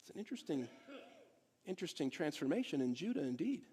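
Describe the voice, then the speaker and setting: Guy pastor giving a sermon, higher-pitched voice, chatty, keeps asking the crowd questions. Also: sing-song, fast talker, warm tone, husky. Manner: conversational, asks the congregation rhetorical questions. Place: church service in a theatre hall.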